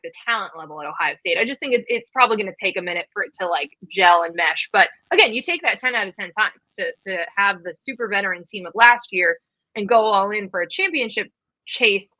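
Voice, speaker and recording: A woman in her thirties co-hosting a college football podcast, talking fast and casually with lots of fillers. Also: medium pitch, no echo, lo-fi sound. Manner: quick, chatty, many fillers. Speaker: podcast co-host. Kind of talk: casual sports chat.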